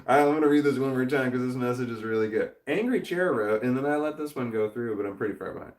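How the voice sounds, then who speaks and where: A man hosts a casual livestream, reading chat out loud, rambling, swearing a lot and laughing frequently. His mid-range voice moves fast, and the recording has a roomy echo.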